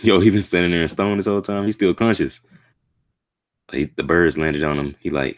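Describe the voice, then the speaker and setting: A man reading a manga chapter aloud and reacting to it in a casual, slangy way, with excitable outbursts. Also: deep voice, moderate pace.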